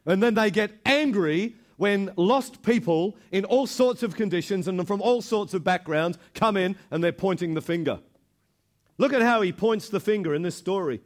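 A male pastor delivering an animated sermon, retelling a story with frequent repeated words. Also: high voice, moderate pace.

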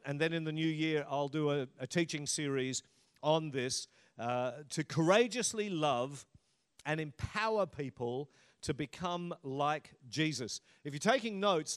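A middle-aged male pastor preaches a sermon in a relaxed, chatty way, slipping in light humour as he explains his points. His voice sits a little higher than most men's. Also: clean tone. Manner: conversational and humorous preaching.

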